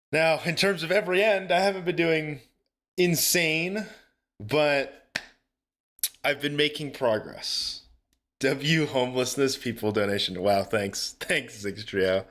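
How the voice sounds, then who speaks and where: With a medium-pitched, slightly bright voice, a young man talks to his live-stream audience. Chatty and earnest, he curses without restraint and breaks into laughter a lot.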